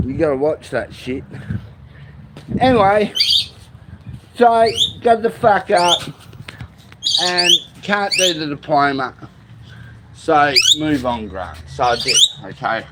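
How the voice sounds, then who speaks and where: A man's voice: medium pitch, very noisy. A man in his forties with an Australian accent, venting at home in a bitter, heavily profane rant. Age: 40s. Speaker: vlogger. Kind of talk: venting monologue. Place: at home with a pet lorikeet. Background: a squawking pet bird.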